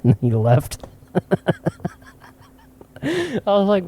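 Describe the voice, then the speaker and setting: His voice sits high and he speaks very slowly, leaving long pauses. Even so, this man is an animated storyteller who laughs often, co-hosting a casual podcast set in a cigar shop.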